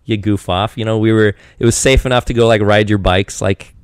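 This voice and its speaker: Low, smooth-voiced young man rambling casually. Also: steady tone, brisk, no room sound, studio quality. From Eastern Washington. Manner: rambling, many restarts and fillers. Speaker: podcast guest. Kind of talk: casual chat. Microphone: handheld mic.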